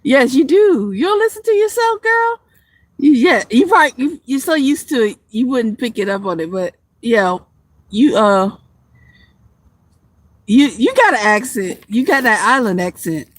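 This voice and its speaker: Lively laughing woman with a country twang. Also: on the high side, unhurried, no echo. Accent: Southern US country twang. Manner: playful, laughs often, swears casually. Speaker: livestream vlogger. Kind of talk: casual livestream chat with viewers.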